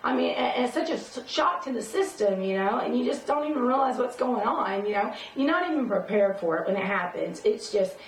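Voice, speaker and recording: A woman's voice: on the high side, expressive, brisk, few pauses, recorded from a distance. A woman telling a personal story in a casual vlog, rambling with many fillers and restarts. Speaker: vlogger. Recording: roomy sound from away from the mic, faint noise.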